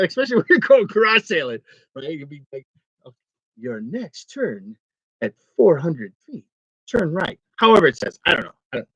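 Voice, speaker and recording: A man talks through a loose, rambling vlog, joking and complaining and laughing often. His voice sits fairly high. The sound is dry and slightly dull and lo-fi. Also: pushed and bright, no room sound. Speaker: online reseller vlogger. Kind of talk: casual rambling vlog chat.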